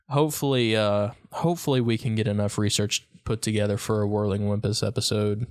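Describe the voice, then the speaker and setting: A man co-hosting a casual podcast chat about local legends, telling stories in a relaxed, joking way. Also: fairly low pitch, a little fast, few pauses. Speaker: podcast co-host.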